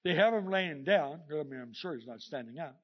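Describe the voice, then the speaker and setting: Male preacher with a raised pitch, lively and chuckling as he tells stories, captured on a muffled, lo-fi recording. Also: fairly quick, breathy edge. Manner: animated storytelling, acting out the scripture quotes; chuckles often between points. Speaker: pastor. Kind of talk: sermon. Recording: dull lo-fi sermon recording.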